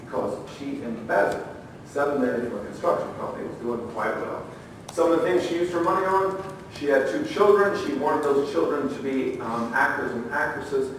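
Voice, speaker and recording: A middle-aged man giving a training talk at a conference, telling lively stories, acting out the quotes and asking the audience questions. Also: mid-range voice, normal speed, a little hiss or hum. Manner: animated storyteller, acts out quotes, asks the audience questions. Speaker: conference speaker, former federal agent. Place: conference room. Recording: echoey room, heard from far off.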